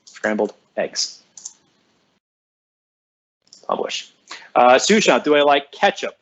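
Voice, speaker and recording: A man's voice: medium pitch, sing-song, takes it slowly. Upbeat man, slightly muffled lo-fi sound. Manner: upbeat, reads out viewers' names and comments and answers them. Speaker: school librarian. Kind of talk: casual live-stream chat with students.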